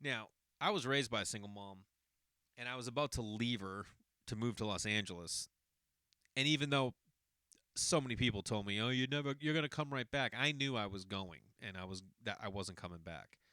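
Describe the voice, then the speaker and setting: A man's voice: fairly low pitch, a little fast, bright, forceful tone, clean tone, dry recording, studio quality. A man in his forties from the Boston area, hosting a podcast and telling a long personal story in a rambling, self-correcting way. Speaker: podcast host. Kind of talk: casual storytelling monologue.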